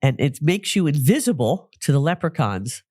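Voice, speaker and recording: A man's voice: a little high, sing-song, normal speed, a little mellow, no room sound. Chatty man from New Jersey, dry close sound. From New Jersey, United States. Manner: chatty, storytelling, with frequent restarts. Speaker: podcast host, psychic medium. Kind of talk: casual solo podcast talk.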